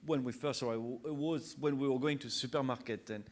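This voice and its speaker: A man's voice: mid-range voice, fairly even intonation, brisk, a little mellow. A man from France with a French accent, a chef sharing anecdotes in an interview, hesitant and full of fillers. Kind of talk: interview conversation.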